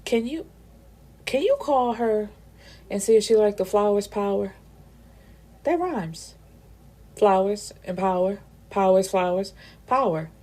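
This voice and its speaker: A drunk, heartbroken man who slurs his words and keeps circling back to the same thought, put on by a woman telling the story. His voice sits higher than normal speech, loose and repetitive. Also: a little slow, pauses often, darkish tone. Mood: rambling. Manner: slurred, rambling, repetitive. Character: drunk heartbroken man slurring, rambling about flowers.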